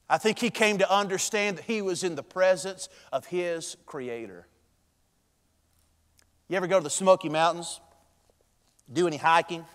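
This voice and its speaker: A man preaches from the pulpit, his voice sitting high for a man and rising and falling sharply in volume and tempo. The long reverb of a church sanctuary trails each phrase. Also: clear, resonant tone. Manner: preaching with dramatic swings in loudness and pace. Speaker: pastor. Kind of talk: sermon.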